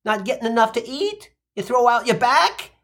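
A nagging older mother, firing worried questions in a raised, lively voice, as a man puts her on. She is anxious and snappish, never letting a sentence rest. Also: very high voice, moderate pace, voice pushed up, full character voice.

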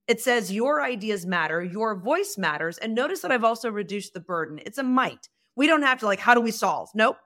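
Animated higher-pitched woman coach. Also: moderate pace. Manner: animated, emphatic, acts out dialogue. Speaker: guest, communication coach. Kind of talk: podcast conversation.

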